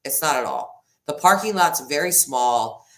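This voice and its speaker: A woman's voice: low voice, sing-song, measured pace. A woman hosting a casual livestream who rambles and breaks off mid-sentence, laughs often and reads viewer comments aloud. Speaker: livestream host. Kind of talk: casual live chat with viewers.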